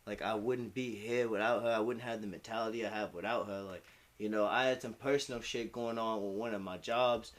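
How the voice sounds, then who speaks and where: A man's voice: fairly low pitch, steady tone, fairly quick. A young man in casual chat as a streamer, rambling, heartfelt and profane. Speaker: hip-hop commentary streamer.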